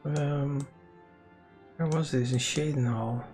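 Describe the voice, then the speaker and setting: A man's voice: mid-range voice, fairly even intonation, takes it slowly, a little mellow, soft background music. A man giving casual commentary while playing a game, muttering to himself with wry remarks and the odd swear. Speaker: let's play host.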